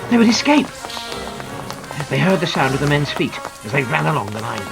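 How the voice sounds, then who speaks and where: A man narrating a children's adventure audiobook in a dramatic, very expressive way. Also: medium pitch, fast talker, poor audio. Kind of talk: scripted storybook narration. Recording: narration over clear music.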